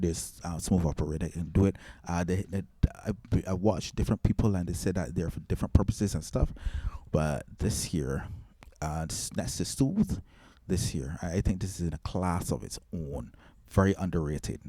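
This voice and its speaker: A man's voice: low-pitched, mellow, no echo. A man hosting a casual mixing tutorial, rambling with restarts and filler words. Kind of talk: casual screen-recorded tutorial.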